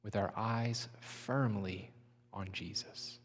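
Slow, earnest male pastor in a big hall. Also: mid-range voice. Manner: earnest, slows and softens for emphasis. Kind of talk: sermon. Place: church sanctuary. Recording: long reverb of a large hall.

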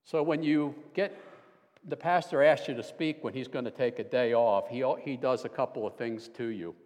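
A man's voice: medium pitch, normal speed, darkish tone. Older man preaching in a reverberant church. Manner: dry self-deprecating humor, conversational. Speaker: guest preacher. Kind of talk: sermon. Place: church sanctuary. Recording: long hall reverb.

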